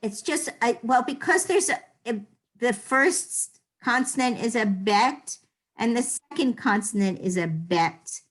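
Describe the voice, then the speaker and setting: A woman's voice: on the high side, lively intonation, unhurried. A woman leads a beginners' class over a video call. She explains each point patiently and plainly, sounding out letters for her students. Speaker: Hebrew teacher. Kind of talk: online class teaching.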